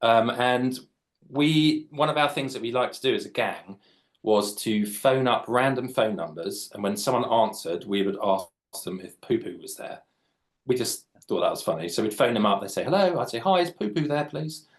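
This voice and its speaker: Drawing live for children, this late-40s author keeps up a chatty, jokey commentary and explains what he's sketching. He speaks at a moderate speed in a somewhat low voice.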